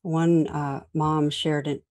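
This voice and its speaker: A woman meditation teacher leading a guided reflection and talk, speaking gently and unhurriedly with soft pauses. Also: low-pitched, flat delivery.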